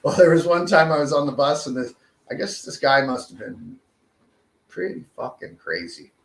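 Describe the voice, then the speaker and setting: A man's voice: on the high side, big pitch swings, moderate pace, vocal fry. A Canadian man ranting in a casual podcast chat, swearing constantly. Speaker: podcast co-host. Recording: echoey room.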